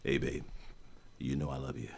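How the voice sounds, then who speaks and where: A man imitating a deep-voiced crooner, speaking slowly and softly in a smooth, seductive murmur. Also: fairly even intonation, full character voice. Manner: slow, breathy, soft crooning.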